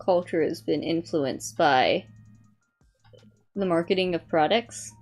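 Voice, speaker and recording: A woman's voice: fairly low pitch, slow pace, a little mellow, faint music behind. A young woman streamer in casual chat, rambling with many fillers and reading aloud from a review. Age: young adult.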